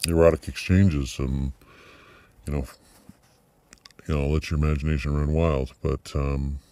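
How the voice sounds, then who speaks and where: A middle-aged man talking through a personal video diary, reflective and halting, with many fillers and restarts. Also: very deep voice, level tone, dark tone. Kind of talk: personal vlog monologue.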